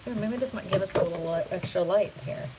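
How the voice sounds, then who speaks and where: Recorded on a phone camera over crowd noise, this low-quality clip has a woman real estate agent talking fast in a lowish voice. She is live streaming casually from a hotel room, giggling and rambling.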